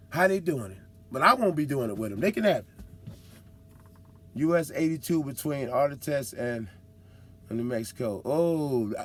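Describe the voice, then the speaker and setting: A man's voice: a little high, a bit bright. A man who drives trucks, telling road stories in a casual, slangy monologue, acting out other drivers and whooping.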